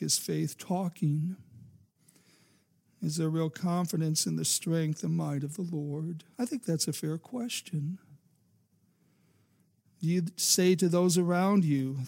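A man's voice: sits high, gravelly, darkish tone. A man preaching a sermon, emphatic and asking his listeners rhetorical questions, building to fervent peaks. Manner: emphatic, rising to fervent crescendos.

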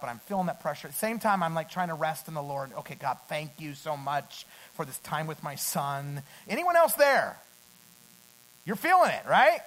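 A middle-aged man preaching a sermon. He climbs to loud, emphatic peaks and then drops back to a quiet storytelling tone. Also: fairly high pitch, low-quality recording.

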